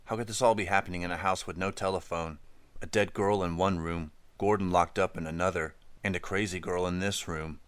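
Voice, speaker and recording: Deep, smooth male audiobook narrator. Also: fairly even intonation, brisk, dry recording.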